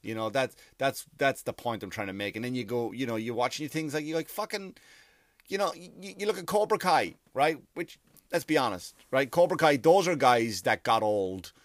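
A man in his forties rambles through a comic monologue, swearing freely in a conversational, unpolished way. His voice sits at an ordinary middle pitch for a man. The recording is dry and close, with no room sound. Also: moderate pace, no room sound.

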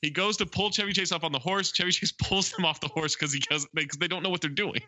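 A man's voice: high voice, fairly even intonation, fast, bright, forceful tone, dull audio. A man co-hosting a podcast, casually retelling a movie scene by scene with lots of ums and uhs. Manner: rambling scene-by-scene retelling with many fillers. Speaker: podcast co-host. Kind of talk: casual movie recap chat.

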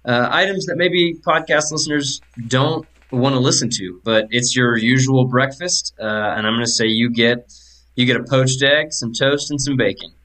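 A man serving as game master at a tabletop game. He describes the scene in a loose, easygoing way at a middle pitch. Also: fairly even intonation, normal speed, fairly bright tone, rough recording.

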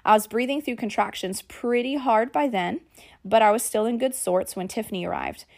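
Woman, podcast host, lively storyteller, acts out quotes. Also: a little high, normal speed, creaky. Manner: animated, acts out quoted lines; addresses listeners as y'all and guys. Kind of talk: personal storytelling.

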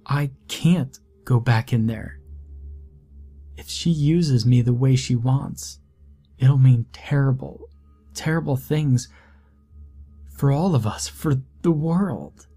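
A man's voice: medium pitch, takes it slowly, pauses often, mellow, husky, soft background music, pitched above the performer's own voice. A man voicing a terrified young woman who begs frantically in a horror story reading. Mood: frantic, pleading. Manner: frantic, pleading.

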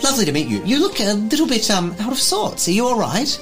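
Friendly boy wizard, as a man puts him on, high bright voice, lively, polite. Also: quick pace, faint music behind. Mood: polite eager.

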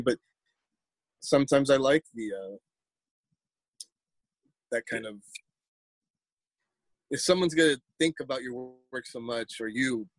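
A man's voice: mid-range voice, husky, no room sound. A man, a poet telling a story in a casual interview, rambling and repeating words as he acts out quotes.

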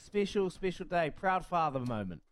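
Friendly New radio host. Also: male voice, on the high side, sing-song, normal speed, smooth. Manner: friendly, calls co-host uncle and mate. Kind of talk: casual radio chat.

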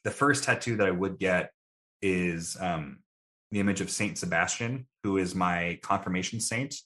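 A young man with a very low, deep voice answers questions in an easygoing, thoughtful way. He is casual and a little self-deprecating. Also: normal speed, pushed and bright. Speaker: guest.

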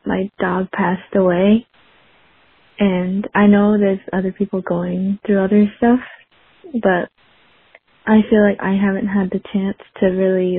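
A woman leaving a voicemail, near tears and speaking haltingly as she fights them back. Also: medium pitch, slightly rough, dry recording. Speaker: voicemail caller. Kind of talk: recorded phone confession. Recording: dry tinny phone line.

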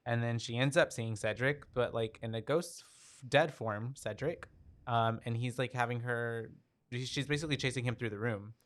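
A man's voice: mid-range voice, moderate pace. A man co-hosting a podcast, casually recapping a horror film with lots of fillers and the odd swear word. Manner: loose, swears, lots of "like" and "yeah". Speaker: podcast co-host. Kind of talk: casual movie recap chat.

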